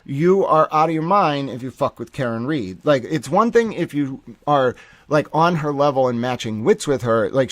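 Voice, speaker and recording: Male streamer, mid-range pitch, excitable and profane, filler-heavy delivery. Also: dry recording. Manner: animated, profane, emphatic with many fillers. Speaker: commentator. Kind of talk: casual commentary stream.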